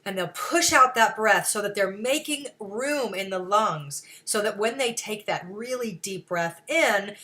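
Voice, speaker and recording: A woman on a show as a guest, teaching a breathing practice and slowly counting out the breaths in a soft voice. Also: mid-range voice. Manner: slow, soft counting with long pauses. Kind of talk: guided breathing instruction.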